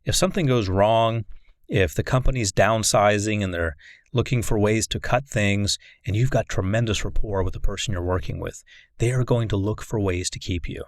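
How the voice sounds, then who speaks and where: Male life coach lecturer: low-pitched, dry and close-miked, earnest, poses rhetorical questions. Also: moderate pace, no room sound.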